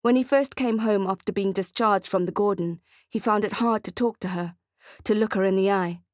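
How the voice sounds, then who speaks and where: A woman narrating an audiobook thriller in a steady, expressive reading. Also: mid-range voice, moderate pace, dry recording, studio quality. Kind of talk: scripted narration.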